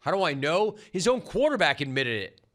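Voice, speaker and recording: A man's voice: a little high, very animated, a little fast, fairly bright tone. A middle-aged man hosting a sports talk show, riffing in a sarcastic, punchy monologue. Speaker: sports radio host.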